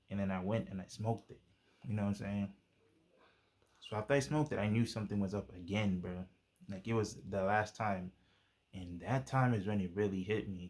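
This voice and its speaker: A young man casually telling a personal testimony, using laid-back slang and plenty of fillers. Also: lowish voice. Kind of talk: casual storytelling.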